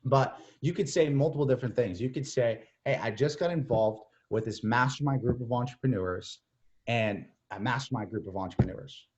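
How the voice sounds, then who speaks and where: A young man giving casual, energetic coaching as a mentor, slipping into playful acted-out phone chats with lots of "like" and "bro". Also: medium pitch, normal speed. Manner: energetic, repeats "like" and "bro", acts out texts and calls. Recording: slightly dull lo-fi audio.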